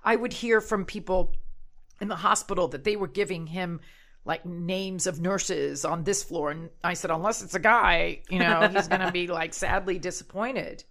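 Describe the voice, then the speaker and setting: A woman's voice: on the low side, moderate pace. A woman in her forties, animatedly telling a personal story on a casual podcast and acting out what people said. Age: 40s. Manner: animated, acts out quotes.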